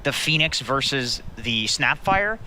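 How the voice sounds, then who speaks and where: A man's voice: medium pitch, expressive, a little slow, pushed and bright, a little hiss or hum, low-quality recording. A man giving casual, jokey analysis on an esports panel, laughing as he talks.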